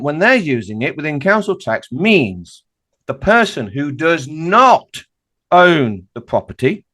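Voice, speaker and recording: A man speaks as a podcast guest, pressing his points hard and firing off rhetorical questions. His voice sits a little high and swings widely in pitch as he drives each argument home. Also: a bit bright. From United Kingdom. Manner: emphatic and insistent, preaching with rhetorical questions. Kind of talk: animated podcast conversation.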